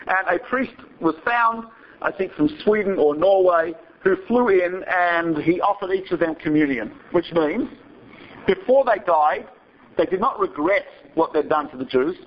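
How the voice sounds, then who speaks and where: A man's voice: high-pitched, expressive, measured pace. A male rabbi telling a story to his students in a digressive, chatty lecture, often checking in with a rhetorical "right?". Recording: dull lo-fi recording.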